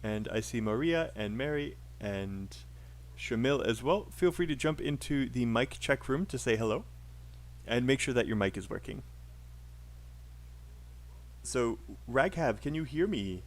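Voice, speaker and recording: A man's voice: medium pitch, animated, unhurried, long pauses. A man with a British accent teaching a live online English pronunciation class, upbeat and encouraging with frequent fillers.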